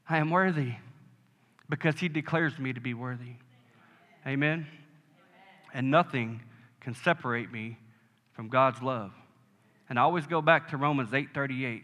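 A man's voice: fairly high pitch, animated, unhurried, pauses often, bright, forceful tone. A man preaching a sermon in a church, emphatic, calling for amens from the congregation. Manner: emphatic preaching with call-and-response. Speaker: pastor. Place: church sanctuary. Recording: echoey hall with long reverb.

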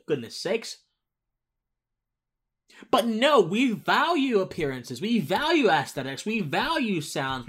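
Here a man with a high-sitting, slightly bright voice and a breathy edge delivers a loose political monologue as its host. He keeps restarting, wanders, and breaks into forceful outbursts.

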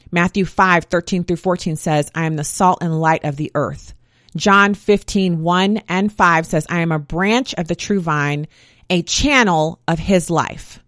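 A woman delivering a faith-based monologue, reciting scripture verses one after another in a steady, emphatic cadence. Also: fairly low pitch, no echo, clean studio sound.

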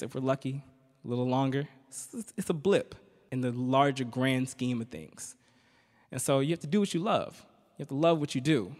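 A stand-up comedian from Virginia, speaking at an average pitch. He tells his story conversationally and keeps checking in with the crowd. His voice rings out with the long reverb of a performance hall. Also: a little mellow. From Richmond, Virginia. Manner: conversational, teasing the audience with frequent "right?". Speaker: comedian and spoken-word poet. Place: stage in a hall.

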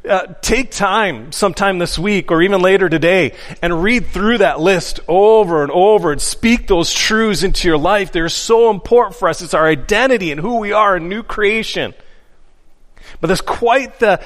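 A man's voice: high voice, a bit bright. A man preaching a sermon from the pulpit, earnest and emphatic, repeating his key phrases for weight. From Upper Midwest of the US. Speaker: pastor. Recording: long hall reverb.

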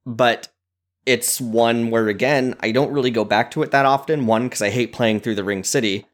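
A man who is a father, co-hosting a casual gaming podcast and telling relaxed, keen stories about his play. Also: mid-range voice, moderate pace. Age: adult, a parent. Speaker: podcast co-host.

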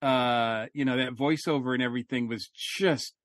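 A man talking casually on a review podcast, rambling through thoughts with lots of ums and restarts. His voice sits at a middle pitch and sounds dry and close to the mic. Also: fairly even intonation, normal speed, a bit bright, no room sound. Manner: rambling, many fillers and restarts. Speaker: podcast co-host.

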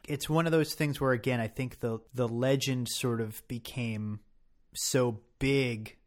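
Man musing at a mid pitch. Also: fairly even intonation, a little slow. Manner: thoughtful, restarts sentences often. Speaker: podcast co-host. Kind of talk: casual discussion.

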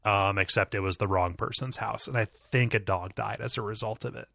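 A man's voice: lowish voice, fairly even intonation, brisk, vocal fry, pushed and bright, no room sound, clean studio sound. A man co-hosting a podcast in casual chat, rambling with many restarts and frequent laughter. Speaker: podcast co-host.

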